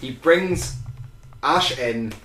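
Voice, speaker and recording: A man's voice: medium pitch, expressive, very slow, fairly bright tone, reverberant, distant mic, a little hiss or hum, rough recording. A man co-hosting a casual podcast, throwing in dry quips and frequent short agreements. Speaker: podcast co-host. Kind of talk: casual chat.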